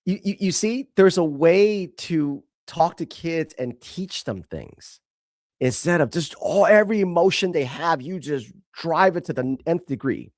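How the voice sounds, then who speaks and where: A man's voice: a little high, animated, a little slow, a little mellow, dry recording, clean studio sound. A man hosting an opinionated commentary show, talking bluntly and emphatically and swearing freely. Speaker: show host.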